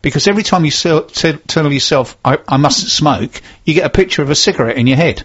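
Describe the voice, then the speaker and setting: A man hosting a casual chat and telling personal anecdotes in a relaxed way. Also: on the high side, quick pace, husky. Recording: dull lo-fi sound.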